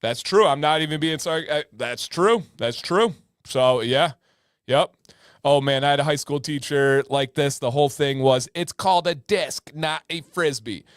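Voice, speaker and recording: A man's voice: mid-range voice, moderate pace, smooth, no room sound, studio quality. A man hosting a livestream, chatting casually and joking as he reacts to viewer comments. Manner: laid-back, joking, repeats phrases as he reacts. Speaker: livestream host.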